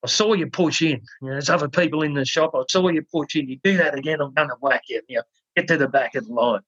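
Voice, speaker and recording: A man doing a gruff threatening shopkeeper. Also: fairly high pitch, quick pace, fairly bright tone, no room sound. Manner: threatening, scolding. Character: gruff stern male shop owner. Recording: dull dry lo-fi.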